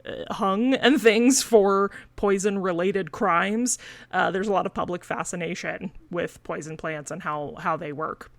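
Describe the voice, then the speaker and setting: A woman's voice: lowish voice, unhurried, no echo. A woman with a Missouri accent co-hosting a podcast in casual chat, full of fillers and laughing between points. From Missouri, USA. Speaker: podcast co-host.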